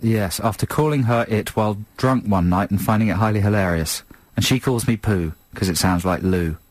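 A man's voice: fairly low pitch, normal speed, dry recording. A man co-hosting a radio show, chatting casually with lots of laughter. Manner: chatty, lively banter with frequent laughs. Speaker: radio co-host. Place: radio studio.

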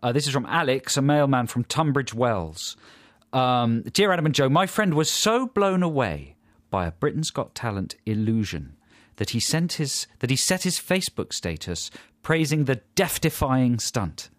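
Teasing radio host, wry, close dry mic. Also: male voice, medium pitch, big pitch swings, normal speed, no room sound. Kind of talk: casual banter. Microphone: studio mic.

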